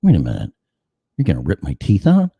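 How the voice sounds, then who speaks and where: A man's voice: sits low, huge pitch swings, a little fast, creaky, husky, dry recording, highs cut off, voice pushed down, heavily acted. A man voicing a resentful, mistreated male house dog that talks back indignantly and curses. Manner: indignant, profane back-talk.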